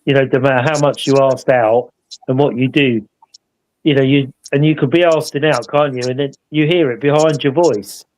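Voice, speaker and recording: A man's voice: mid-range voice, steady tone, normal speed, a little mellow, rough recording. A man telling a paranormal investigation story in a rambling, casual way, often adding tag questions to draw agreement. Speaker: paranormal investigator co-hosting a live show.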